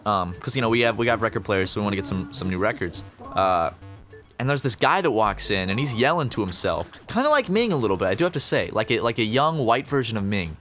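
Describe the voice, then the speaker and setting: A man's voice: lowish voice, expressive, quick pace, a bit bright. Young guy rambling thru a story, swears a lot, lots of ums, faint music behind. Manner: rambling, profane, lots of fillers. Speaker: podcast co-host. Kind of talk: casual storytelling chat.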